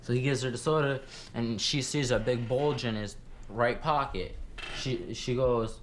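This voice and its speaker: A man's voice: medium pitch, fairly even intonation, moderate pace, a little hiss or hum. Amused man recounting a story. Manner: amused storytelling, acting out quotes. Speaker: interviewee, former program resident. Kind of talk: documentary interview anecdote.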